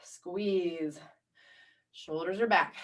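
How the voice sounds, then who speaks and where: A woman leading a strength workout, counting down reps and calmly coaching each move. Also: fairly low pitch, drawn-out words, recorded from a distance. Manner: encouraging counting cues, calm coaching. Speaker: fitness instructor. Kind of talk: guided workout class.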